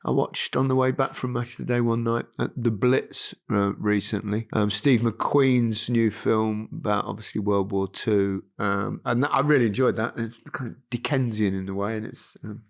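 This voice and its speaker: A man's voice: lowish voice, steady tone, moderate pace, vocal fry, hardly any pauses. A man in his sixties with a Leicester accent, hosting a casual chat and teasing his co-hosts with frequent laughter. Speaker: podcast host.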